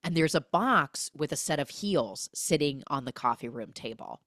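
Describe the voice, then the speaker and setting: A woman hosting a podcast, recapping a movie in an animated, gossipy way full of 'like'. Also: low-pitched, moderate pace, dry recording, clean studio sound. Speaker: podcast host.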